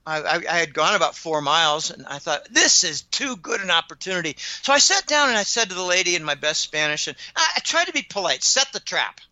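A man's voice: sits high, big pitch swings, brisk, few pauses, sharp tone, dry recording, lo-fi sound. A man telling stories in an indignant, rambling monologue, often stumbling and repeating words. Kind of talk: casual ranting monologue.

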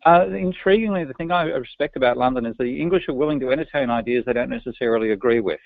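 A man's voice: medium pitch, quick pace, vocal fry, dry recording. An Australian man answering interview questions, frank and opinionated, often restarting his sentences. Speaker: guest. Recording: dry, tinny phone-line sound.

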